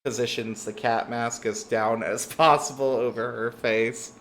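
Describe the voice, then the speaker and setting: Game master guy narrating casually, lots of likes and uhs, bright tone. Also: medium pitch, steady tone, unhurried, slight background noise. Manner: casual, filler-heavy narration.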